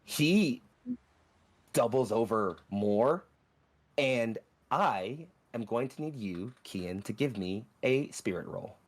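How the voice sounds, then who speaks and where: A man narrating a tabletop role-playing game as game master, with vivid, rushing descriptions. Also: mid-range voice, expressive.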